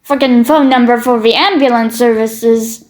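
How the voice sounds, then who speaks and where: A woman's voice: on the high side, fairly even intonation, moderate pace, a little mellow. A woman from Britain with a Canadian-sounding accent, reacting to social media posts with blunt, opinionated remarks, swearing freely and stumbling over repeated words as she starts her thoughts. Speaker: commentary streamer.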